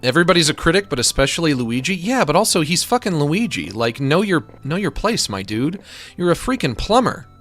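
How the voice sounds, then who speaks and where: A man's voice: on the high side, sing-song, fairly quick, fairly bright tone, soft background music. A man giving casual, rambling commentary while drawing, joking and swearing freely. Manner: rambling, jokey, profane. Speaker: streamer.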